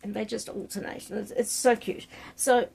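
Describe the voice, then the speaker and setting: Aussie woman, book vlogger, keen and chatty when reading aloud; mellow, gravelly, breathy voice. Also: mid-range voice, fairly even intonation, normal speed. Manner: enthusiastic, chatty, reads passages with relish.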